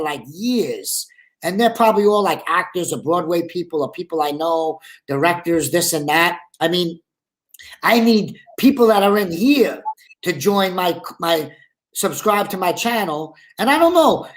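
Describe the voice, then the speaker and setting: A man with a Brooklyn accent, a guest actor and comedian, chatting casually in a live interview over a video call, rambling with lots of "you know" and "like". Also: high voice. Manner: rambling and talkative, full of 'you know' and 'like'.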